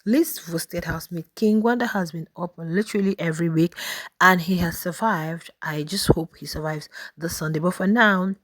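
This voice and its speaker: A woman with a South African English accent hosts a YouTube channel, chatting casually to her viewers about reality show voting polls. Her voice is fairly low in pitch, at normal speed with no echo, and she speaks to the audience directly.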